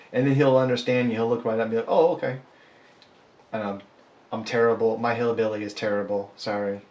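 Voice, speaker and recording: A man's voice: medium pitch, darkish tone, muffled recording. A man, a polymer clay artist chatting casually and joking about himself while he sculpts. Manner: rambling, joking, self-deprecating. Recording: echoey room, faint ambience.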